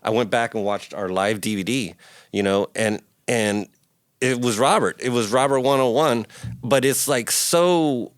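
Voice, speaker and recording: A middle-aged man, a guest musician, telling stories in a casual interview in a recording studio, acting out quotes with big jumps in pitch. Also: measured pace, smooth, no room sound.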